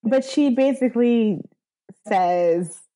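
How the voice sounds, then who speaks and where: A woman's voice: on the high side, takes it slowly, warm tone, low-quality recording. A woman co-hosting a casual chat, rambling and laughing often mid-sentence. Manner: chatty, rambling with many likes. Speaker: podcast co-host. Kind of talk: casual chat recapping a film.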